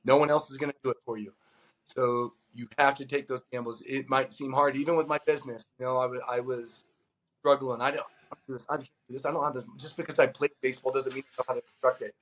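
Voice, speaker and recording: The speaker is a middle-aged Californian man, formerly a professional baseball player, with a mid-range voice and a fast delivery. His storytelling is casual, loose and animated, full of "like" and acted-out quotes. The recording quality is low.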